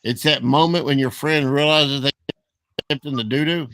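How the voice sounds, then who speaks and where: A man with a drawl spins a fishing story, slipping into other people's voices as he quotes them. His pitch sits in the middle range. Steady background noise is clearly audible. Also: normal speed, low-quality recording. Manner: animated, acts out quotes of others. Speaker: angler telling a story. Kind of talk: casual storytelling.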